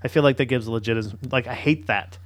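A man's voice: medium pitch, fast. A man hosting a podcast in casual chat, rambling with restarts and swearing freely. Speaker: podcast host.

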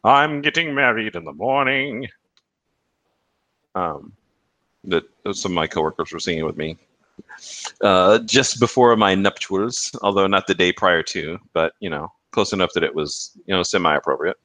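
A man's voice: low-pitched, normal speed, a bit bright, no echo. A man co-hosting a podcast in casual chat, with wordy, somewhat formal phrasing. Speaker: podcast co-host.

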